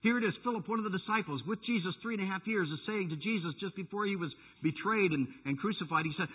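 Pastor, male, slightly high husky voice, lively sermon, tinny phone-like recording. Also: fast talker, few pauses. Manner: animated preaching with playful jabs at the congregation. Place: church sanctuary.

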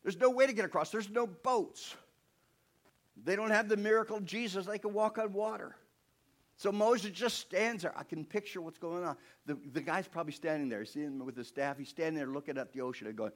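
Animated middle-aged man preaching. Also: fairly high pitch, moderate pace. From Pennsylvania. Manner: animated storytelling, acting out voices, swinging from loud to hushed. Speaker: pastor. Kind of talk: sermon.

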